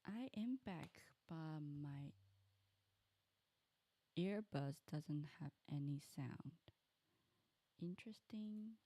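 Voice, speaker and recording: Woman, game streamer, slow unhurried talk, thinking aloud, dry close sound. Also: deep voice, animated, warm tone, dry recording. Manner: thinking aloud, muttering while fiddling with audio settings. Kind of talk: casual live-stream chat.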